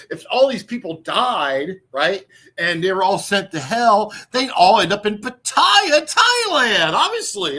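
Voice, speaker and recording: A man ranting on a livestream in a high, bright voice. He mocks his rivals with constant swearing and circles back to the same points. His delivery is loud and scornful, with a sharp edge. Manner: mocking, profane, repetitive. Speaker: streamer.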